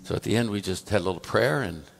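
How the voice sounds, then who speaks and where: A man preaching in a relaxed, storytelling way, and his low voice has a gravelly rasp to it. He slips into the dialogue as if chatting with the people in the room. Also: fast, a little hiss or hum. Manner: conversational, tells a story through quoted dialogue. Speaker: pastor. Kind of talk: storytelling sermon. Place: church.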